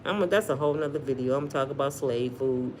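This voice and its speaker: A woman's voice: extremely low pitch, fast talker, a little hiss or hum. A middle-aged woman with an African American accent, giving sassy live-stream commentary and talking straight to her viewers. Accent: African American English. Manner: animated and sassy, addresses viewers directly. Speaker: commentary vlogger reading live chat.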